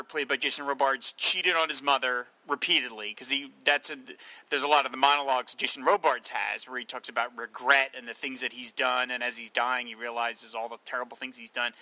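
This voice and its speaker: A man hosting a film podcast, chatty and animated as he retells scenes. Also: medium pitch, dry recording, rough recording. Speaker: podcast host. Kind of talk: casual film discussion.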